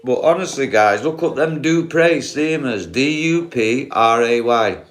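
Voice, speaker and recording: A man's voice: medium pitch, lively intonation, a little slow. A man with a broad Yorkshire accent, chatting casually on a live stream, rambling, swearing freely and often asking viewers if he's wrong. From Yorkshire, England. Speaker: livestreamer.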